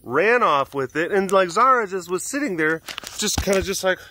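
A man hosting a casual vlog outdoors at a big cat sanctuary, telling stories in a relaxed way with laughs and cooing softly to the animals. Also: high-pitched, normal speed, slight background noise.

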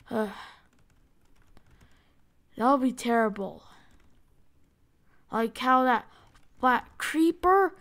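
High pitched gamer girl narrating her game, slow drawn out talk, gets all worked up. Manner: excitable, talks to the game and viewers. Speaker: gaming channel host. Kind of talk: live gameplay commentary.

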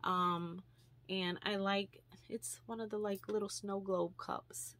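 A young adult woman vlogger chatting casually, gushing over gifts and filling pauses with ums and likes. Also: medium pitch, flat delivery, a bit bright. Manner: chatty, gushing, with many fillers. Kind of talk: casual vlog chat.

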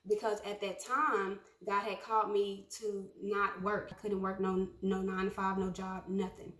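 A woman's voice: medium pitch, level tone, moderate pace, fairly bright tone, reverberant. A young woman giving a casual prophetic message to her followers, talking conversationally with many ums and repeated phrases. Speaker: prophetic speaker.

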